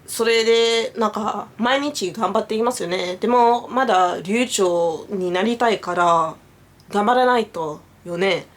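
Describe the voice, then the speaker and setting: Young woman rambling casually, french is her first language, swears a lot, does little voices for the people in her story. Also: mid-range voice. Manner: animated, swears freely, acts out quoted voices. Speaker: vlogger.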